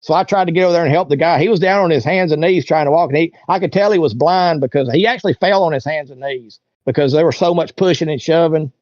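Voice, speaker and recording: Man with a fairly high voice, dull dry recording. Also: fast talker, few pauses, darkish tone, dry recording. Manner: acts out quoted voices while telling a story. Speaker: interview guest. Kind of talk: casual storytelling.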